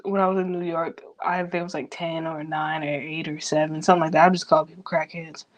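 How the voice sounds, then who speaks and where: Young woman, vlogger, fast rambling self-talk with heavy swearing. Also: low voice, level tone. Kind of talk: rambling personal venting.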